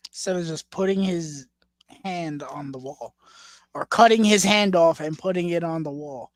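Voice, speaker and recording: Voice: medium pitch, moderate pace, dry recording. A co-host on a casual movie watchalong podcast, joking and reacting to the film.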